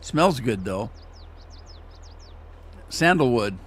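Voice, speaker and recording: A man's voice: mid-range voice, very animated, drawn-out words, fairly bright tone, slight background noise. A man chatting casually as he plays a farming game on a live stream, rambling and teasing himself as he goes. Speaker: gaming streamer. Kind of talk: casual gameplay commentary.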